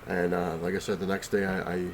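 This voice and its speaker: A man's voice: deep voice, little pitch movement, brisk, a little hiss or hum. Sick, breathless man rambling about comics. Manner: rambling, full of fillers and restarts. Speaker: comic collector vlogger. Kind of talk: casual rambling vlog. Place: home, on the couch.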